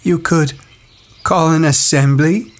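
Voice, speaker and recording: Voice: medium pitch, fairly even intonation, slow pace, close to an everyday voice. Someone voicing Piggy, a fretful plump boy. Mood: pleading. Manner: pleading, defensive, colloquial speech. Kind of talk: audiobook dialogue.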